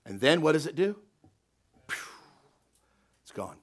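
A man pastor preaching a sermon in a church, emphatic and folksy, swinging between loud, stretched-out lines and quiet asides while asking the congregation questions. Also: a little high, sing-song, unhurried. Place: church sanctuary.

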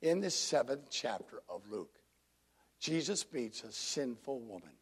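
A man's voice: medium pitch, sing-song, a little slow, breathy edge. A man preaching a sermon to his congregation in a conversational way, drawing listeners in. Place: church congregation.

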